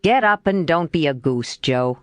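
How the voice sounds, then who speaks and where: A proud, sulky teenage boy in a classic storybook, as a woman narrator puts him on. The voice drops lower and growls with offended pride, and the delivery stays lively and close to the mic. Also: a little slow, no echo. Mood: indignant.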